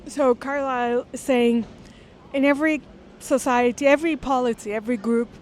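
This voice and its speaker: A woman with a slightly high voice reads a classic text aloud, stopping often to unpack it. Her delivery is earnest and thoughtful, with a faint hum of noise underneath. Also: a little mellow. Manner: earnest, thoughtful, pausing to explain. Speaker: literature lecturer. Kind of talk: reading aloud with close-reading commentary.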